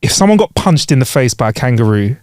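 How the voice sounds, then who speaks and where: On a casual comedy podcast, a co-host with a medium-pitched, sing-song, slightly mellow voice reads odd news quickly, laughing and rambling with jokes throughout. It's a dry, studio-quality recording.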